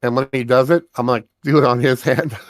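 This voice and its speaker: A man playing a tabletop game, animated and loud as he describes his moves. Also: mid-range voice, fairly quick, no room sound, clean studio sound. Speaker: player.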